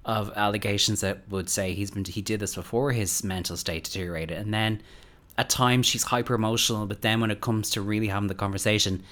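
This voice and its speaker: A woman hosting a casual podcast chat, animated and fond of mocking impressions. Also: rumbling low, fairly quick. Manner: animated, quotes people in mocking voices.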